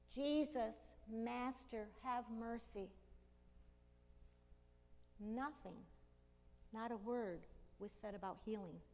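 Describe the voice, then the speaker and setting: A woman preaching a sermon, retelling a story dramatically and slowly, with emphatic cries in the quoted lines. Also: mid-range voice, a little mellow. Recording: long hall reverb.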